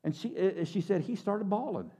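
A man preaching a sermon, switching between loud exclamations and hushed moments and repeating words as he builds up. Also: high-pitched, expressive, normal speed, slightly rough. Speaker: pastor.

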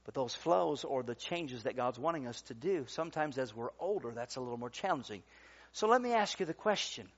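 A man preaching a sermon, emphatic, rising loud and dropping quiet, calling out for amens. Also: mid-range voice, animated, a little fast, muffled recording. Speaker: pastor.

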